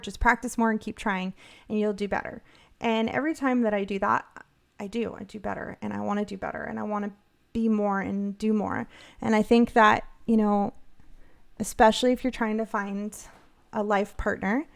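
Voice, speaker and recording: A middle-aged woman co-hosting a casual podcast chat. She talks in an upbeat, rambling way, full of "um"s and restarts, at an everyday mid pitch. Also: creaky. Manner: chatty, upbeat, many fillers and restarts. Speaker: podcast co-host.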